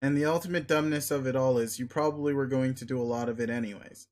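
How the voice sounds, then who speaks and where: A man's voice: medium pitch, fairly even intonation, quick pace, close to an everyday voice. A man reading a webcomic aloud, voicing an arrogant, crude young male alien who talks in a pushy, sneering, blunt way. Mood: domineering.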